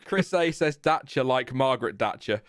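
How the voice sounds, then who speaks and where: A man's voice: mid-range voice, animated, clean tone, no room sound, clean studio sound. Chatty Lincolnshire man hosting a stream. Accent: Lincolnshire English. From Lincolnshire, England. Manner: chatty, self-mocking, quick to laugh. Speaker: livestream host. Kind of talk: casual live chat.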